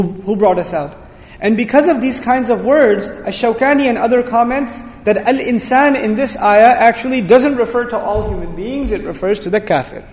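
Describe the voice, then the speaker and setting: A man giving a Quran tafsir lesson, explaining quickly and with animation and breaking into Arabic recitation. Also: sits high, darkish tone, echoey room, long reverb tail. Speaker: Quran teacher. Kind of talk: tafsir lecture.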